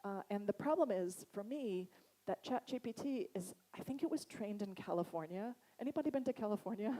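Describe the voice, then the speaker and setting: A woman's voice: mid-range voice, fairly quick, poor audio. Chatty Boston woman at a conference. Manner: chatty and animated, laughs often. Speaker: conference speaker. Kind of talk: conference talk. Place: conference hall.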